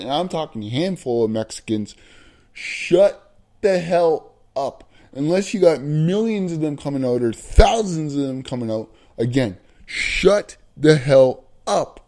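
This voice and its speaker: A man ranting bluntly in an opinion vlog, profane and emphatic, slowing down to hammer his points. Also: fairly high pitch, darkish tone. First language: not American. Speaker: vlogger.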